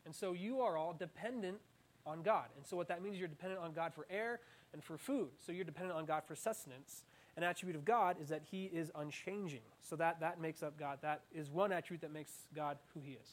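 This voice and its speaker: Young man, sermon to a small group, high voice, lively, joking asides. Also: a little fast. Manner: animated, playful, self-mocking asides. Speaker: student preacher. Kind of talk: interactive sermon.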